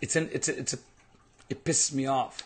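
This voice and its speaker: A man's voice: mid-range voice, fairly even intonation, moderate pace, breathy edge. A man in his thirties with a Mexican accent, co-hosting a playful casual chat, teasing and laughing often. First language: Spanish. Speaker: co-host, personal trainer.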